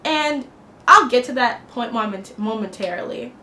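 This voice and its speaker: A woman's voice: fairly high pitch, lively intonation, moderate pace, sharp tone. A woman giving an impassioned, blunt film review, talking indignantly in a casual, opinionated way. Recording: echoey room with faint noise.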